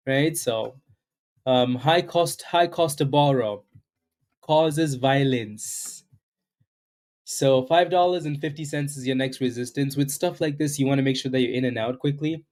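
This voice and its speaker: Mellow and measured, with a mid-range voice, this day-trading livestream host offers loose market commentary. He says hello to viewers and keeps tacking "right?" onto the end of his lines.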